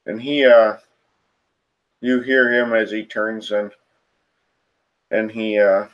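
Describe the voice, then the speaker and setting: A man narrating as game master of a tabletop role-playing game, in a halting way with fillers. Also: on the low side, steady tone, highs cut off.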